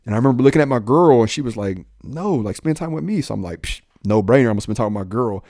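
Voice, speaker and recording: A young adult man, a police officer, telling his own life story in an animated way, jumping up in pitch when he quotes people. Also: racing, no echo, studio quality. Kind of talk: personal storytelling in a podcast talk.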